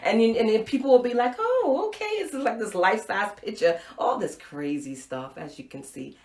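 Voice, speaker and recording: A middle-aged woman hosting a live show, telling a personal story with playful, expressive swings between loud and soft. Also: mid-range voice, normal speed, reverberant. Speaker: live show host and speaker.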